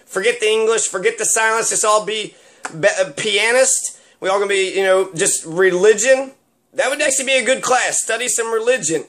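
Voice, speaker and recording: A man's voice: high-pitched, fairly bright tone. A man giving rambling, sarcastic solo commentary with plenty of fillers. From Kentucky.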